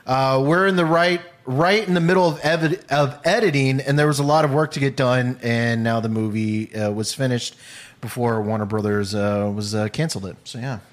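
A man's voice: medium pitch, moderate pace. A man co-hosting a casual podcast chat, talking in loose starts and restarts. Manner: animated, trails off and restarts a lot. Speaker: podcast co-host.

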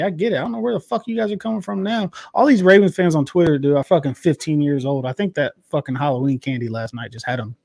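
A man's voice: sits high, fast talker, a little mellow, no echo, studio quality. A man co-hosting a casual sports podcast, swearing freely and working himself up as he rants about football fans. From Cincinnati area. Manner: profane, worked-up ranting. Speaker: podcast co-host.

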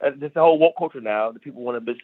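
A man's voice: medium pitch, rapid-fire, no room sound. A man from South Carolina, a stand-up comedian guest, chatting casually and emphatically, repeating phrases as he rants. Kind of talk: casual podcast chat. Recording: tinny phone-like dry sound.

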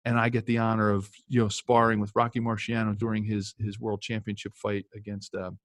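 A man's voice: on the low side, level tone, fairly quick, no room sound, studio quality, lightly acted. A man voicing his older father, a joking former boxer telling a proud story. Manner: playful, baiting.

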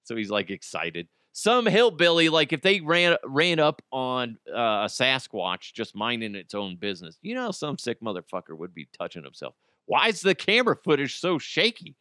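Hosting his own podcast solo, a man with a mid-range voice rambles and jokes, swearing plenty along the way. His pitch swings widely at a moderate pace, and his tone is pushed and bright; the studio sound is clean, with no echo.

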